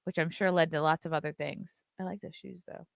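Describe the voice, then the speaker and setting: A woman's voice: deep voice, steady tone, a little fast, gravelly, no echo, clean studio sound. A woman hosting an opinionated commentary show, ranting with sarcasm and profanity. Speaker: host.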